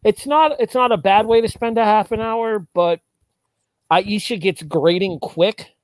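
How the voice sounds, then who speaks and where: Dude hosting a game show podcast, kinda high voice, dry close sound, keeps things moving. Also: male voice, unhurried, no room sound. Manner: wry, steers the talk along. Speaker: podcast host. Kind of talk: casual chat.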